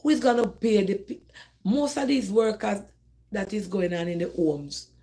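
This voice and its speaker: Speaking at a moderate pace in a warm, mid-range voice, a middle-aged woman from Jamaica runs a casual live phone stream with call-ins. She addresses viewers directly and animatedly in her Jamaican accent, often restarting and saying things twice.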